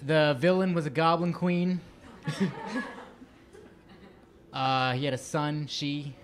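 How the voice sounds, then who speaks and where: A man's voice: a little high, fairly even intonation, slow, background noise. A man chatting casually as a guest on stage, hesitating with fillers. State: sunburned. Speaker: guest performer. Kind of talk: casual onstage chat.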